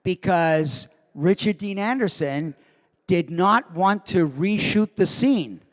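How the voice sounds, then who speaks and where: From the stage of a convention hall, a man who is the convention's guest of honor tells an animated anecdote that clearly amuses him. His voice sits high and he speaks slowly, with long hall reverb in the recording.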